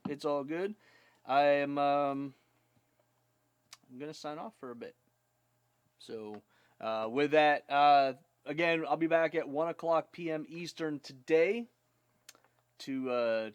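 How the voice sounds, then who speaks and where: A man's voice: a little high, dry recording. A man hosting a casual live stream, chatting in a rambling way with lots of fillers.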